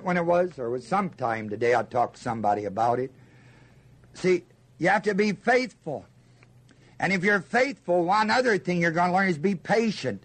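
Fairly high-pitched and slightly rough, an older man's voice leads a group through a Bible lesson as sermon teaching. He asks questions of his listeners, then emphatically supplies the answers.

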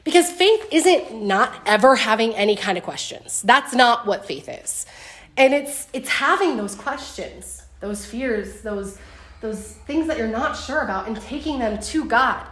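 A young woman leading a casual Bible lesson for a group, talking in a chatty way with lots of fillers and lively storytelling. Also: a little high. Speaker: Bible study teacher. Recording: roomy echo.

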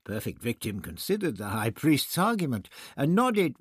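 A man narrating an audiobook in a measured, expressive storytelling manner. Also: mid-range voice, husky, no room sound, clean studio sound. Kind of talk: scripted narration.

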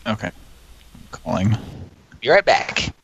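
A man's voice: lowish voice, very animated, slow, gravelly, a bit bright, breathy edge. A man hosting a live prank call show, chatting casually in a joking, self-mocking way. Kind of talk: casual chat.

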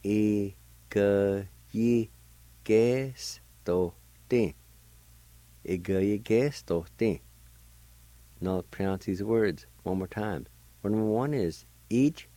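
Older male radio host, very low mellow voice, slow careful pace, spells and repeats words for learners. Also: no echo, poor audio. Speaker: radio host teaching language. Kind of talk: slow, deliberate language lesson.

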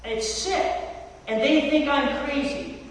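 A man's voice: very high-pitched, measured pace. A man preaching a sermon as pastor, telling stories with casual slang and rhetorical questions. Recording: echoey hall from far off, faint noise.

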